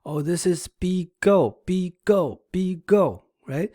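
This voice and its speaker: A man's voice: fairly high pitch, slow, mellow, no room sound, studio quality. A man giving an online language lesson, patiently demonstrating tones by humming and repeating sing-song syllables, often checking in with "right?". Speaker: language teacher.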